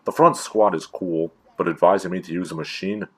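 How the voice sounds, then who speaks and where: A man's voice: low voice, steady tone, fairly quick. A man hosting a comedic review, with dry, sarcastic commentary. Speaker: video reviewer and host.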